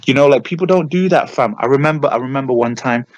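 A young man, chatting on a podcast in a rambling, animated way, full of fillers and restarts. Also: medium pitch, quick pace, dry recording, highs cut off. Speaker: podcast co-host. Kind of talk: casual chat.

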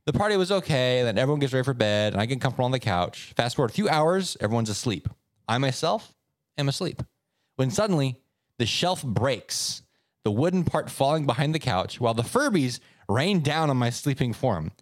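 A man co-hosting a podcast, telling stories in a casual, animated way. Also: a little fast, no echo, clean studio sound. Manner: animated storyteller, swoops up in pitch for effect. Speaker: podcast co-host. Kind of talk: casual chat, reading stories aloud.

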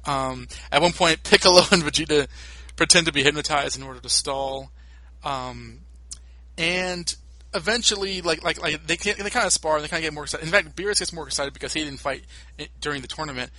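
A man's voice: on the high side, a little fast, bright, forceful tone, no room sound, poor audio. A man hosting a podcast, recapping episodes in a casual, rambling way with lots of fillers and restarts, recorded on a home mic over a call. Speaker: podcast host.

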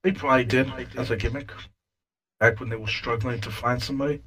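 A man in a casual podcast chat, speaking at a middling pitch. He argues his opinions emphatically and drops the odd curse word. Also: fairly even intonation, brisk, fairly bright tone, poor audio.

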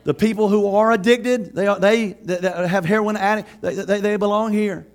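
A man preaching a sermon as pastor, conversational and lively, laughing often and acting out quotes. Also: high-pitched, moderate pace.

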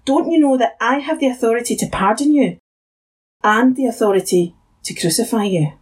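Woman voicing a sharp, uneasy Roman governor. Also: on the high side, fairly quick, breathy edge, voice pushed up. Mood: sharp questioning. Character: Roman governor Pilate, stern, uneasy man.

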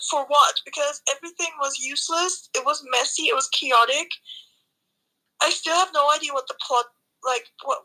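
A young woman co-hosting a casual movie review chat, blunt and sarcastic in an animated way. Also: high-pitched, low-quality recording. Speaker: co-host.

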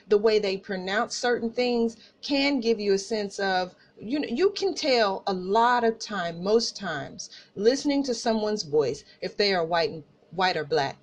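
Animated woman with an Oklahoma country accent. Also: medium pitch, measured pace. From Tulsa, Oklahoma. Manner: animated, laughing asides, addresses listeners as y'all. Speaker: podcast host. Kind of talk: casual personal storytelling.

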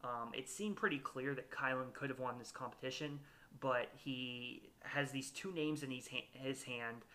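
A man hosting a relaxed recap podcast, his voice bright and clear in the middle of his range. He talks casually and hesitantly, full of ums and self-corrections. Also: mid-range voice, moderate pace, few pauses. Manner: hesitant, lots of fillers and restarts. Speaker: podcast host. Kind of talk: casual reality-show recap chat.

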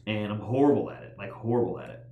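A man rambles through stories as a podcast guest, leaning on "like" and "man" as he goes. His pitch swings widely from line to line. The sound carries a roomy echo. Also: fast, narrow, tinny audio. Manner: rambling, animated, heavy use of "like". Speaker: guest author. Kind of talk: casual podcast storytelling.

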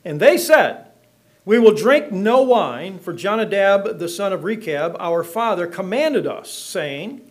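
A man's voice: high voice, lively intonation, slow. A middle-aged man preaching in church, reading scripture and joking with the congregation in a folksy way. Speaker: pastor.

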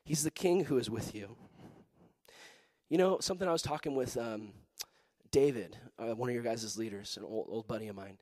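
A young man preaching to a youth group, telling a story with lively acted-out voices and frequent laughter. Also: medium pitch, normal speed, dry recording. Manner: animated, acts out voices in his story, laughs often. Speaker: pastor.

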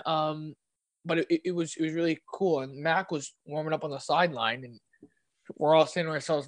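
Excitable young Canadian sports fan. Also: male voice, fairly high pitch, brisk, no room sound. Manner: excitable storyteller, laughs often and repeats himself. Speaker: podcast guest. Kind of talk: casual sports chat.

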